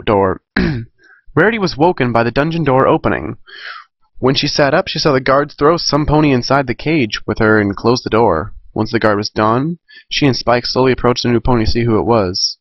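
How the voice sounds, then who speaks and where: A man's voice: medium pitch, no echo, muffled recording. A man reading a fan story aloud in a casual way, correcting himself and adding chatty asides. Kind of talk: amateur fan fiction reading.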